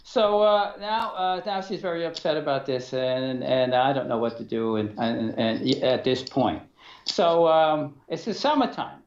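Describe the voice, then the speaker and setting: A middle-aged man, the guest in an interview, tells his story haltingly, with many fillers and restarts, and acts out the back-and-forth. His voice sits at an ordinary pitch. The sound is dull and roomy. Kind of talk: telling a personal story in an interview.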